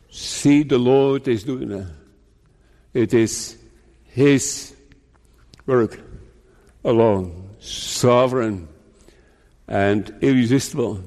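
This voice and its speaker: Man, pastor, sermon, unhurried deliberate delivery, rhetorical questions, long hall echo. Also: medium pitch, mellow. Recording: long reverb of a large hall.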